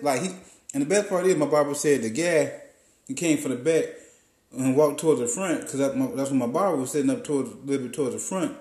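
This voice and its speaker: A man with a slightly high voice tells a story as a podcast host, swearing freely and throwing himself into it. His voice sounds roomy, with an echo coming off the walls. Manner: profane, animated storyteller acting out quotes. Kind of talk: profane comic storytelling monologue.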